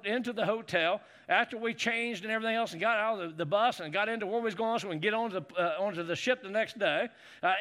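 An older man, a pastor, preaching a sermon in a folksy storytelling way that rises into excited preaching. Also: sits high.

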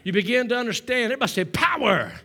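A man with a high voice preaches to his congregation, calling for responses and answers. He drops to a hushed, breathy storytelling tone, then climbs back into loud, ringing exhortation. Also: animated, fairly quick, slight background noise. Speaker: pastor. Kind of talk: sermon.

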